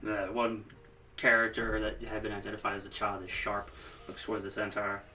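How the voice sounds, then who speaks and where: A man's voice: fairly low pitch, level tone, fairly quick, bright, forceful tone, recorded from a distance, a little hiss or hum. A man narrating as game master of a tabletop game, describing scenes casually with many fillers.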